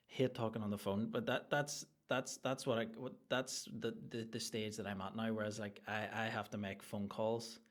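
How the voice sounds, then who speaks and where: A man hosting a solo comedy podcast, ranting in a crude, rambling and excitable way. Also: lowish voice, moderate pace, few pauses. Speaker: podcast host.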